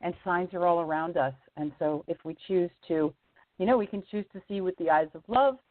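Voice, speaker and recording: A chatty woman tells a story down a tinny phone line, her voice leaping high whenever she quotes someone. The sound is dry and close, with no room around her, and she laughs easily between lines. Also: a little fast, no room sound. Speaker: singer-songwriter guest. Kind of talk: casual storytelling on a radio interview.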